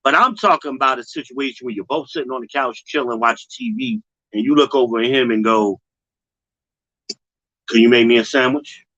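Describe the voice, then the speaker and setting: A man hosting a casual commentary livestream, blunt and slangy, talking straight to his viewers and mocking others in high put-on voices. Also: big pitch swings, fast, bright, forceful tone, slightly rough, no room sound, dull audio. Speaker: host.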